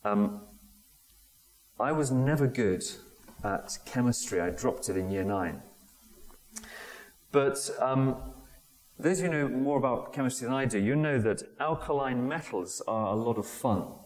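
A man's voice: medium pitch, animated, unhurried, long pauses. Man preaching in a reverberant hall. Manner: conversational, with fillers and restarts. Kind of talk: sermon.

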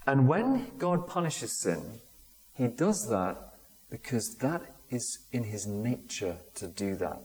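A man giving a conversational sermon, often pausing with fillers and restarting sentences. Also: medium pitch, sing-song, a little mellow. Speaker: preacher. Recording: long hall reverb.

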